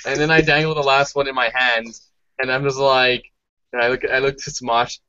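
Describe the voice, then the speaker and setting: A man playing a character in a tabletop game, teasing and deadpan. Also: mid-range voice, moderate pace, a little hiss or hum. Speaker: player. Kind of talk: casual tabletop play. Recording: dry, dull lo-fi sound.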